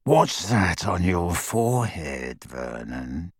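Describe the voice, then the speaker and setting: Guy doing a slow raspy growly werewolf brute, mean and gravelly. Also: medium pitch, sing-song, no echo, clean studio sound, heavily acted. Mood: menacing. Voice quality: gravelly, husky. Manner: growling, snarling, breathy menace. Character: menacing brutish male werewolf thug. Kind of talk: audiobook character voice.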